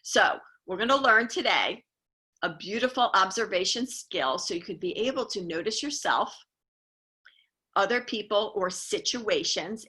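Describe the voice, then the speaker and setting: A woman's voice: mid-range voice, bright, forceful tone. A middle-aged woman, a life coach and host, giving an earnest motivational talk and repeating her key points for emphasis.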